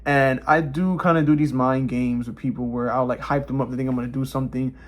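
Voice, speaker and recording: A man vlogging casually, telling a personal story and acting out the quotes in higher voices. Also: steady tone, a little fast.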